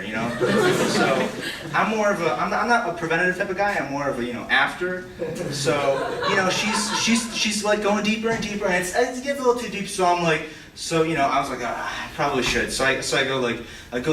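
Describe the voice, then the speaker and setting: A man's voice: sharp tone, slight background noise. Teen boy rambling through stand-up in a hall. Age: teens. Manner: rambling, self-deprecating, stammering restarts, high squeaky quoted voices. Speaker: student stand-up comic. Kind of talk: stand-up storytelling. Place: school auditorium stage. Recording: echoey hall, from far off. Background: audience laughter.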